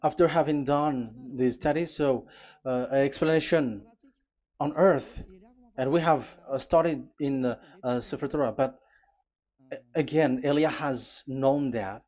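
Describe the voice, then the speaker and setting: A man at a board delivers a sermon-lesson at medium pitch, his voice a little mellow and his pacing slow and careful. Frequent pauses, fillers, and restarts mark his speech, and he spells letters out individually. The recording is muffled and lo-fi.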